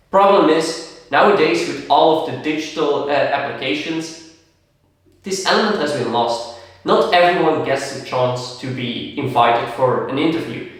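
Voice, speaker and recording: A man hosting a podcast, explaining business ideas through examples and acted-out contrasts. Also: fairly high pitch. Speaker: podcast host. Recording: very echoey room, distant mic.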